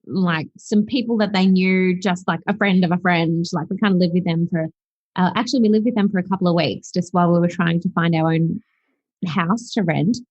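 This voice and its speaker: Woman, interview guest, animated storyteller, dry close sound. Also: fairly low pitch, fairly quick, no echo, lo-fi sound. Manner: animated, acts out quoted voices. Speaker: podcast guest. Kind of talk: casual storytelling.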